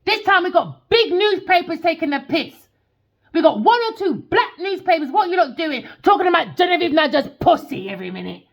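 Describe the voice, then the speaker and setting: A woman's voice: extremely high pitch, very animated, a little fast. A woman, a tarot reader delivering a heated, sweary rant as an angry monologue.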